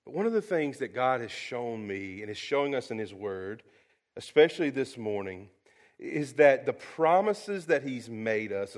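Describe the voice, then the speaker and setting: A middle-aged man preaching a sermon, folksy and storytelling, swinging between lively asides and quiet, earnest drops. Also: medium pitch. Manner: folksy, storytelling, animated with sudden soft drops. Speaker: pastor.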